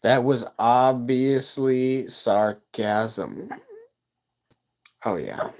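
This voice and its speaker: Slow-talking streamer guy, rambling. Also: medium pitch, a little mellow. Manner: rambling, stammers, sarcastic asides. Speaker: livestreamer. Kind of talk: casual livestream chat with viewers.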